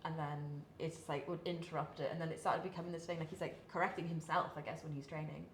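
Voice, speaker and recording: A woman's voice: low-pitched, level tone, quick pace. A young British woman, a professional athlete, chatting candidly in an interview with lots of fillers and laughs. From Britain. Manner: chatty, many fillers, laughs between thoughts. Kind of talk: candid casual interview talk. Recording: echoey room, faint hiss.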